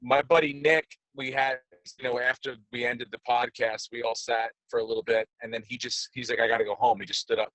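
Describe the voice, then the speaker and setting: A man's voice: medium pitch, level tone, brisk, hardly any pauses, a bit bright, no room sound, rough recording. A man, a podcast host, chatting casually and rambling on a video call from a car, with many restarts. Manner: rambling, joking, restarts often.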